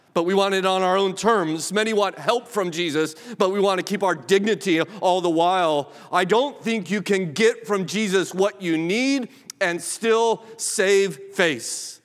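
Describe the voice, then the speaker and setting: A man preaching a sermon, impassioned, rising to emphatic peaks and dropping to a hush. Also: fairly high pitch. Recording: long reverb of a large hall.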